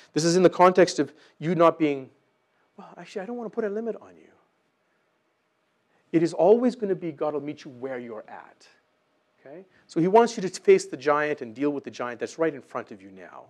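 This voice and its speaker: A man preaching a sermon, animated and acting out voices in his Bible stories. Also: on the high side.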